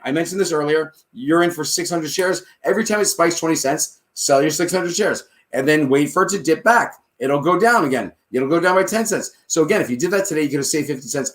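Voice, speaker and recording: Confident man talking through trade math. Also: a little high. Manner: brisk, confident, walks through numbers aloud; checks in with "all right?" and "okay?" often. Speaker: stock trading advice host. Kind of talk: casual advice monologue.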